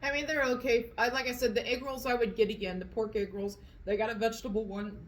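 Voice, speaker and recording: A woman's voice: a little high, steady tone, quick pace, poor audio. A woman hosting a casual eating vlog, chatting in a rambling way with fillers while she eats at home. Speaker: vlog host. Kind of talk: casual chat at the dinner table.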